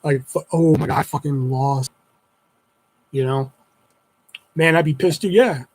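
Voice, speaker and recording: Young male streamer, slightly high voice, loose rambling storyteller who swears a lot. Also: measured pace, a little mellow, poor audio. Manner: swears freely, rambling retelling with many fillers. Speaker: livestreamer. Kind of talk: casual storytelling to a live chat.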